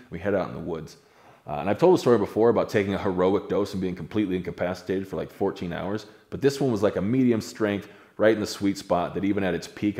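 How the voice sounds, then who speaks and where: A man's voice: deep voice, mellow. A young man telling a story in a laid-back, profane, casual way.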